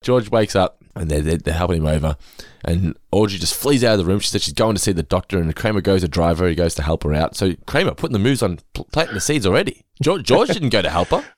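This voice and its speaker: Male podcast co-host, quick, lively delivery, low-ish voice, dry booth sound. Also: dry recording. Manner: animated, quotes lines in put-on voices. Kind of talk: casual chat recapping a sitcom episode.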